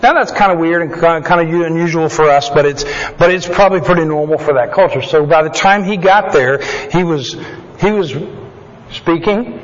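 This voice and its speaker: A man's voice: a little high, moderate pace. A man leading a Bible study in a chatty, conversational way, full of joking asides and digressions. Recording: dull lo-fi sound with long hall reverb.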